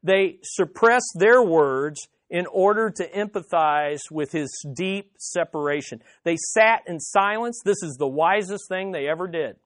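This high-pitched man delivers his sermon unhurriedly and with few pauses, speaking straight to the congregation as their pastor. He repeats key phrases emphatically and shifts between loud and quiet. The studio-quality recording has no room sound.

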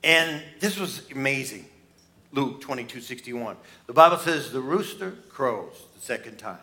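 A man preaching an Easter sermon, storytelling dramatically, acting out quoted voices, and swinging between loud outbursts and hushed asides. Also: medium pitch, expressive, moderate pace. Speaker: pastor.

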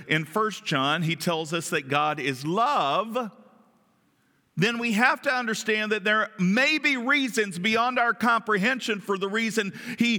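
A high, sharp-toned voice carries a conversational sermon in which the preacher regularly questions his listeners. The sound has the long reverb of a large hall.

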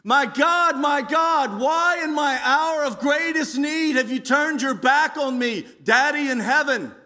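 A man's voice: mid-range voice, animated, normal speed, a bit bright, voice pushed down, close to an everyday voice. A man preacher acting out the cries of a dying man on a cross, anguished and pleading.

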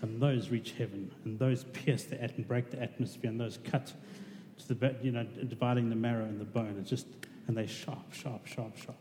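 A man's voice: mid-range voice, fairly even intonation, fairly quick, warm tone. A man preaching a conversational sermon, asking his congregation questions. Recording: reverberant hall with faint noise.

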